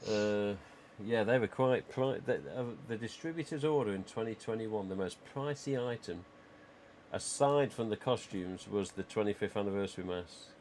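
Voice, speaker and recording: A man's voice: lowish voice, moderate pace, darkish tone, slight background noise. A man hosting a livestream, chatting casually and rambling with lots of "you know" asides. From England. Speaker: livestream host.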